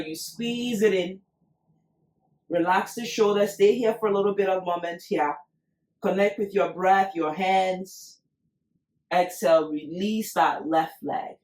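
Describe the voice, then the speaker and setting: A yoga teacher leads a class in an unhurried, soothing way, pacing each cue to the breath. The voice sits back from the mic in a roomy space with a clear echo, and gentle music plays faintly beneath. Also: medium pitch, far from the mic, slight background noise. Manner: slow, soothing cues paced to the breath. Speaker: yoga instructor. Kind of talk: guided yoga class instruction.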